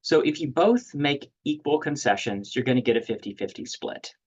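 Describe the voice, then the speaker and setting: A man's voice: mid-range voice, lively intonation, normal speed, darkish tone, breathy edge. A man presenting a webinar lecture on negotiation, talking loosely with many fillers and restarts. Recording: dull lo-fi audio.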